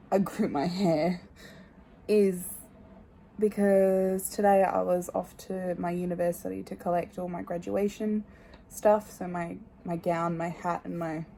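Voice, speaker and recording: Young woman, phone vlog, candid rambling chat, drifts soft at line ends. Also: on the low side, vocal fry, a little hiss or hum. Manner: rambling and candid, trailing off quietly. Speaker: vlogger. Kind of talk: casual chat to camera. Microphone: phone held at arm's length.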